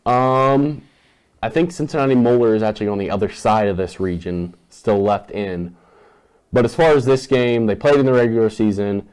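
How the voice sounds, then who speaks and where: Man calling high school football picks. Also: normal speed, a little mellow, smooth, poor audio. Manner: rattles off matchups and confident picks. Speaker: sports show host. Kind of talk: casual sports chat, game picks.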